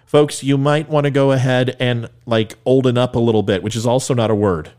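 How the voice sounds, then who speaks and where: A man hosting his own podcast, talking solo in a joking, sarcastic way with quick asides. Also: mid-range voice, steady tone, a little mellow, clean tone. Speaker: podcast host. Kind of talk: solo comedic podcast monologue.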